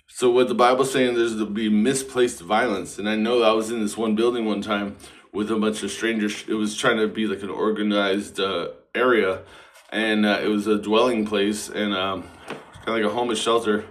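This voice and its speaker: A man's voice: on the low side, fairly even intonation, normal speed. A man talking in a rambling, stream-of-consciousness monologue, casual and profane, full of fillers and restarts. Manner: casual, filler-heavy, self-interrupting.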